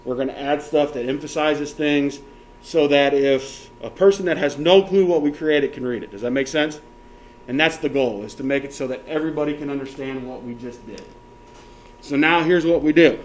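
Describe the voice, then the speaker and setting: A male teacher giving a classroom software lesson step by step, often checking that everyone is following and counting options aloud. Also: a little high, moderate pace, slight background noise.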